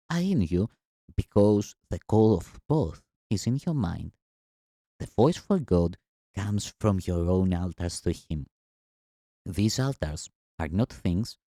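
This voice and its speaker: A man giving a measured, earnest spiritual reading in a solemn teaching style. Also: deep voice, dark tone, dry recording, clean studio sound.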